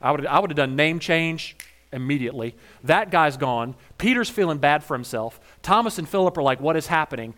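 A male pastor preaching a sermon in a conversational, wry way, retelling scenes with humor and swinging between quiet and emphatic moments. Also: fairly high pitch, lively intonation, fairly quick.

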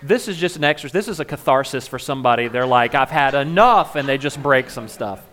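A man's voice: medium pitch, fast, a bit bright. A man giving a comedic monologue, full of playful joking asides. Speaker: comedic speaker.

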